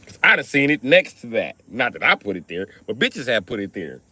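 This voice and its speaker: A man hosting a livestream, riffing through a crude comedic monologue and jumping into high put-on voices for quotes. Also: big pitch swings, fairly quick, heavy background noise. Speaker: livestream host.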